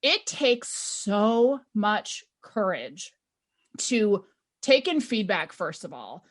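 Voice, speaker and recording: A woman's voice: medium pitch, sing-song, drawn-out words. A woman hosting a podcast as a leadership coach, speaking in an emphatic, affirming way. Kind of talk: conversational interview.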